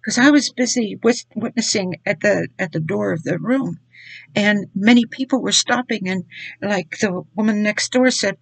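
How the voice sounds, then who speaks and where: A woman's voice: mid-range voice, moderate pace, vocal fry, slightly rough, no room sound, low-quality recording. An older woman giving an earnest, rambling personal testimony about her faith. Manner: earnest, repetitive storytelling. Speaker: Christian speaker.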